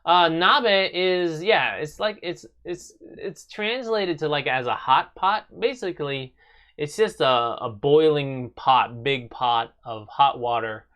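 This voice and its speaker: A man's voice: on the high side, slow, a bit bright, smooth. Young guy rambling on his home live stream, lots of ums, talks to chat. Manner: rambling, filler-heavy, chatty with viewers.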